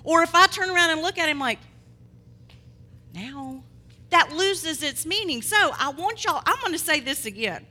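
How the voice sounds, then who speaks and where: A woman preacher delivering a sermon, swinging between loud proclamation and quiet asides. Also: extremely high pitch, lively intonation, brisk, hardly any pauses. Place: church hall. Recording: long hall reverb.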